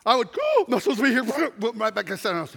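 High-voiced preacher in a big echoing hall. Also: male voice, wildly swooping pitch, fast, creaky. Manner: swings from loud shouting to hushed near-whisper. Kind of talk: sermon storytelling. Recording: long reverb of a large hall.

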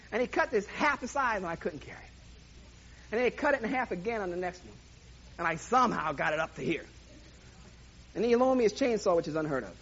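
A man preaching a sermon, telling a humorous personal story in a lively way and voicing sound effects himself. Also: very high-pitched, dull audio.

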